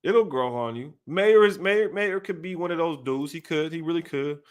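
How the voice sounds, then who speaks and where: A high-voiced man on a casual sports live stream, animated and loose. He repeats himself a lot, drops slang and gives shout-outs to viewers by name. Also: moderate pace. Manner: animated, repetitive, slangy, talks to chat by name. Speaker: sports channel host.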